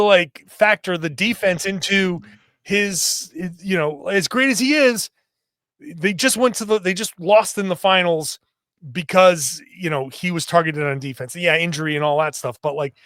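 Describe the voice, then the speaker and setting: A podcast co-host breaking down a basketball play in an expressive, rambling way. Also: male voice, a little high, no echo, clean studio sound. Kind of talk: sports analysis chat.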